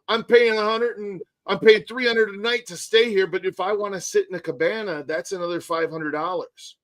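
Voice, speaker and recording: A man's voice: high-pitched, fairly even intonation, moderate pace, hardly any pauses, a bit bright, low-quality recording. A man hosting a live stream, ranting animatedly in casual chat and swearing often. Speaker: tour guide and live stream host.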